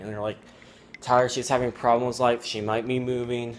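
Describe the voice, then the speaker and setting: A man's voice: on the low side, flat delivery, a little hiss or hum. Rambling teenage boy telling a story. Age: teens. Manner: rambling, halting, many fillers. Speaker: student vlogger. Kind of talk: casual storytelling. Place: at home.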